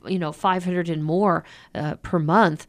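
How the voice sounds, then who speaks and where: A woman hosting a community radio interview, chatty and full of quick affirmations. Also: on the low side, fairly even intonation. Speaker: radio show host.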